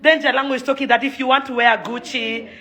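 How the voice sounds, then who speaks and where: A young Kenyan woman, a socialite and event organizer, rants angrily on video and keeps repeating her points for emphasis. Her voice sits high with a sharp tone, moving fast with fairly even intonation.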